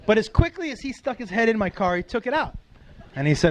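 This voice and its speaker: A man with a strikingly high voice performs stand-up comedy and swings his pitch all over as he acts out the characters. He is middle-aged, tells his story in a lively, profane way, and slips in and out of the voices he imitates. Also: fast.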